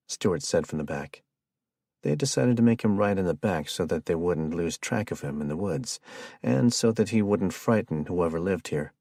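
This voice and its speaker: Male audiobook narrator, measured read, very low and gravelly, dry recording. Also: lively intonation, warm tone, no room sound. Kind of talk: scripted narration.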